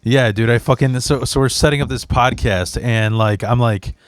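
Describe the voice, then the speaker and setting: A man's voice: mid-range voice, normal speed, slight background noise. A man co-hosting a podcast in casual chat, cracking profane jokes and then telling his own story. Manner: wisecracking, profane, jokey asides. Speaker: podcast co-host. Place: podcast studio room.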